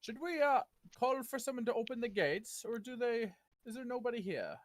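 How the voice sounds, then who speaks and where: A man playing a tabletop game, talking in character with lively outbursts. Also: extremely high pitch, normal speed. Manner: lively, exclaiming. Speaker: player.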